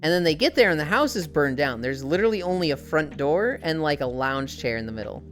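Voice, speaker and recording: A woman streamer with a low voice talks fairly quickly while walking, chatting casually and telling stories in an animated way. She swears freely as she goes, and faint music plays behind her.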